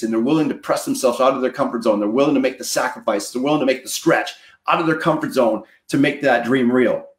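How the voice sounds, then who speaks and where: A mortgage marketing coach gives a motivational talk, emphatic and preachy, repeating lines for effect. His mid-range voice has a roomy sound.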